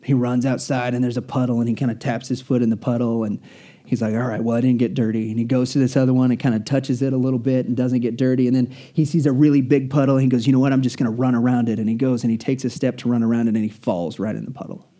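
Dark-voiced, earnest male preacher. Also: medium pitch, level tone. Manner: earnest, storytelling, slows down for emphasis. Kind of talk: sermon.

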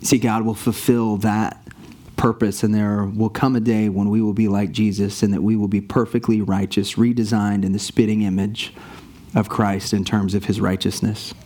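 A man preaching a sermon to his church, earnest and rising in pitch on the points he stresses. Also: flat delivery, normal speed, mellow. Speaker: pastor.

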